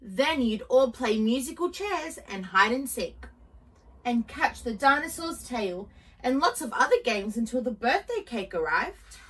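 A woman reading a children's picture book aloud, in a gentle, expressive storytelling manner. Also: fairly high pitch, unhurried, slightly rough, recorded from a distance, poor audio.

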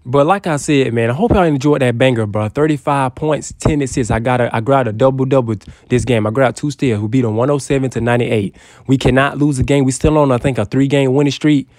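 A young man giving casual, excitable gameplay commentary, trash-talking and breaking into loud yells. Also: mid-range voice, brisk, dry recording, clean studio sound. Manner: excitable trash talk, bursts into yelling. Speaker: gaming YouTuber.

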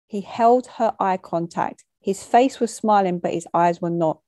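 A woman reading a short story aloud, measured and matter-of-fact, dropping street slang into the narration. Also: mid-range voice, mellow, dry recording.

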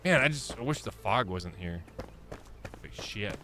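A man's voice: lowish voice, animated, normal speed, pushed and bright, faint music behind. A man in his thirties hosting a live game stream, chatting casually and rambling, often correcting himself and laughing.

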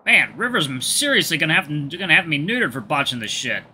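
A man's voice: a little high, big pitch swings, fast talker, pushed and bright, slight background noise, voice pushed up, exaggerated voice. A man voicing a cocky, teasing male possum patching up a friend in a game story. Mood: wry. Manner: teasing, flirty banter.

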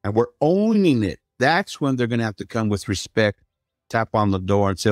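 A middle-aged man from the United States gives an interview, his voice a touch low and sounding close and dry. He speaks with earnest emphasis and often trips back to restart his sentences. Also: very animated, moderate pace, no room sound. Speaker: guest, streaming platform founder. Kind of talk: conversational interview.

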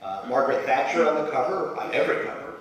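Reading from his memoir before a live audience, a Soviet-born male author speaks in an animated, quick, medium-pitched voice with dry, self-deprecating humor. The recording, made in a large lecture hall, sounds distant and echoey.

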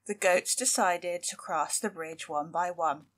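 A woman from a library reading a children's folk tale aloud in a lively, expressive storytelling voice. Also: fairly low pitch, measured pace.

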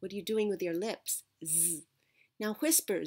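A woman teaching Japanese pronunciation in a patient, deliberate classroom manner, modelling sounds for her students. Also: medium pitch. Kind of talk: classroom-style lesson.

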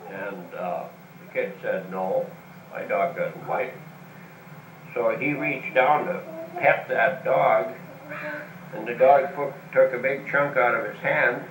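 Slow halting man telling jokes. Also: mid-range voice, fairly bright tone, recorded from a distance, slight background noise. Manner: slow, halting, with many uh's and repeats. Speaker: family joke teller. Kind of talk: casual joke telling. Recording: roomy home video from afar.

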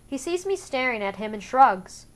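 Female fan audiobook reader, slightly high, measured and subdued first-person narration. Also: sing-song.

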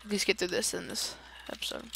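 A woman hosting a let's-play video, swearing and shouting in excitable outbursts as she plays. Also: medium pitch, fast talker, vocal fry, husky. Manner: loud, profane, excitable outbursts. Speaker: gaming channel host.

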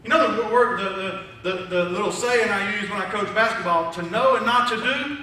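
A man's voice: high voice, normal speed, sharp tone. A man preaching a sermon to his congregation in a conversational, joking way. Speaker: pastor. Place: church sanctuary. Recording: echoey church from far off.

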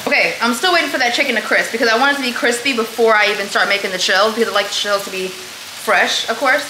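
A woman's voice: a little high, fast talker, noisy background. Young woman, vlogger, chatty, cooking at home, echoey kitchen, clattering dishes. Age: young adult. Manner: chatty, talks to herself and viewers. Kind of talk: casual vlog chatter while cooking. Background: cutlery and dish clatter.

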